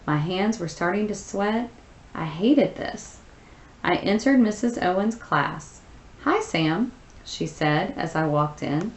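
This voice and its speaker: A woman teacher with a fairly low voice reads a story aloud, then works through the answers. She explains patiently, one step at a time, often pausing on fillers. The room around her rings with a noticeable echo. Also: lively intonation.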